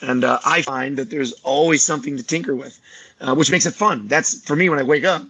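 Husky-voiced man telling animated stories. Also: mid-range voice, fairly quick, dry recording, rough recording. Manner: animated storyteller, acts out other people's lines. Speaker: martial arts teacher, podcast guest. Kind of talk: casual podcast conversation.

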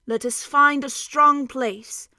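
A woman voicing a wise male centaur who speaks in a slow, measured, solemn way. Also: high voice, fairly even intonation, sharp tone, dry recording, clean studio sound, pitched above the performer's own voice, exaggerated voice.

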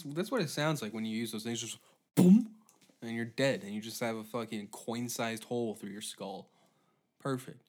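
A man hosting a comedy podcast, rambling through a profane monologue with deadpan asides. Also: mid-range voice. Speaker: podcast host.

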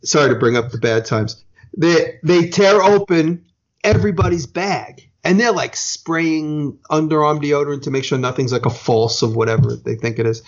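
A man's voice: fairly high pitch, normal speed. An American man from the United States telling a long anecdote as a podcast host, rambling and self-correcting, with casual swearing. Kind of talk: casual storytelling. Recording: dull lo-fi sound.

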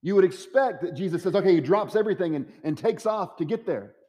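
A man's voice: sits high, lively intonation, fast talker, mellow, big-room sound. A man preaching a sermon as pastor, acting out the quoted voices with dramatic swings. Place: church sanctuary.

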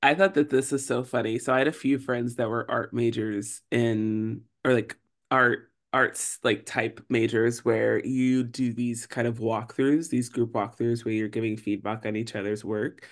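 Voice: medium pitch, steady tone, unhurried. A podcast co-host chatting casually, mostly agreeing with short responses and now and then adding a story. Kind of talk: casual chat.

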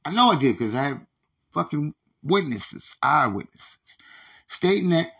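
A man's voice: on the high side, animated, normal speed, creaky, a bit bright, slightly rough. A man hosting his own podcast, venting in a profane, stammering rant with many restarts. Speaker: podcast host. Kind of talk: casual ranting monologue.

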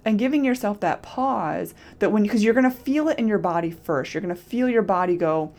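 A woman's voice: mid-range voice, expressive, a little fast, a little mellow. A woman podcast host and nutrition coach talking casually and expressively, acting out quoted self-talk. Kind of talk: solo podcast monologue.

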